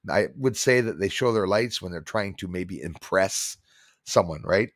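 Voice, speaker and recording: A man's voice: sits low, expressive, moderate pace, no room sound, clean studio sound. A middle-aged man from Canada hosting a casual livestream, rambling and reading viewer comments aloud. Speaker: livestream host.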